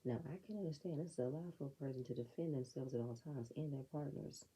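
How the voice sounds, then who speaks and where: A woman's voice: rumbling low, fast talker, dark tone, slightly rough, low-quality recording. A woman giving a casual, blunt, opinionated recap of a reality show episode, with sassy asides. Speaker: reality TV reviewer.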